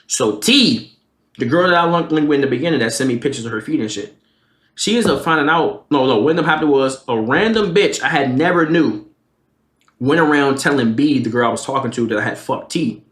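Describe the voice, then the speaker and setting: A man's voice: mid-range voice, fairly quick. A young man live streaming, telling a profane storytime in a casual, slangy way with lots of swearing. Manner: animated, slangy, swears a lot. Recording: roomy echo.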